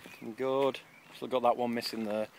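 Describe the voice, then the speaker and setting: A man's voice: mid-range voice, flat delivery, normal speed, vocal fry, a little hiss or hum. A man giving a chatty, rambling, self-mocking tour of his allotment, recorded outdoors on a camera mic. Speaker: allotment vlogger. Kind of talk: casual garden tour.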